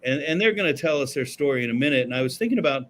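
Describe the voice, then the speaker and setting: A man's voice: medium pitch, animated, racing, fairly bright tone, a little hiss or hum. A man co-hosting a casual talk show, telling profane, laid-back stories from a studio. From Florida. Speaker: podcast co-host. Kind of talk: casual chat.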